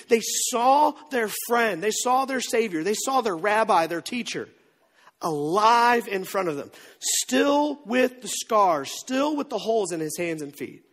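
Guy preaching, high voice that swings all over, acts out the quotes, long echo. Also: slightly rough. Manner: animated storytelling, acts out quotes, jokes. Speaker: pastor. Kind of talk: sermon. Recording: echoey hall with long reverb.

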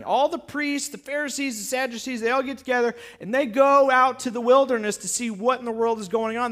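A man's voice: very high voice, a bit bright. A male pastor preaching a sermon, telling the story with jokes and acted-out asides.

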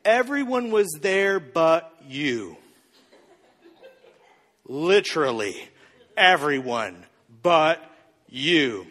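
A man's voice: a little high, lively intonation, normal speed, bright, forceful tone. A man playing a cocky, smug advice guru who teases and drills the audience. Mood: scheming. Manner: mock-confident, teasing, drills the audience. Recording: reverberant hall.

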